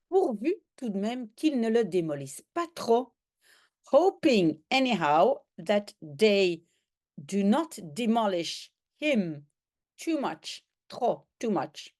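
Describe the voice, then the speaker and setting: Lively slow-paced woman teaching French. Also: medium pitch. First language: Dutch. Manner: slow, animated reading with sound effects and quoted voices. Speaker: language teacher. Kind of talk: reading a comic aloud and translating.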